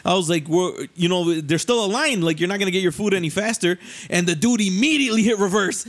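Young man, high voice, casual storytelling, laughs a lot, slangy and profane. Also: fast talker. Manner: animated, laughing, acts out voices with rising pitch.

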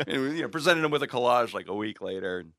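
A middle-aged man hosting a show and telling a long story in casual chat. He is animated, swears freely and acts out the people in his tales. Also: medium pitch, a little fast, creaky. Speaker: show host.

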